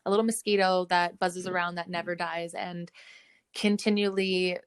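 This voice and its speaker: A woman's voice: lowish voice, level tone, normal speed, clean tone, dry recording. Easygoing woman asking questions, dry sound. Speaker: podcast co-host asking questions. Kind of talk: casual podcast chat.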